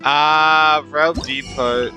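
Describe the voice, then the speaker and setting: A man streaming a game in casual chat, out of breath, reacting excitably and swearing. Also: a little high, very slow, faint music behind. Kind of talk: casual live-stream chat while gaming.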